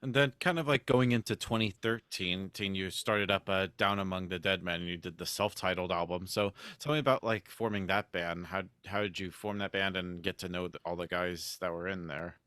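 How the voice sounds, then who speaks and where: A man's voice: low-pitched, fairly even intonation, a little fast, hardly any pauses, a bit bright, clear, resonant tone, no room sound, clean studio sound. A man hosting an interview, asking friendly questions and often saying yeah. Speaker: interview host. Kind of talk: casual interview.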